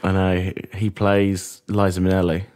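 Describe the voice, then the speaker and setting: Guy on a podcast, lowish voice, dry jokey banter. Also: measured pace. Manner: jokey, deadpan teasing. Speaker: podcast co-host. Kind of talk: casual chat.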